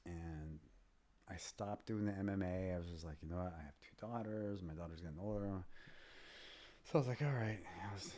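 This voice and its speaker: A brisk, deep, dark-toned man in his fifties, an MMA fighter and trainer, guests on an interview and tells rambling, casual stories. When he quotes people, he often drops almost to a whisper.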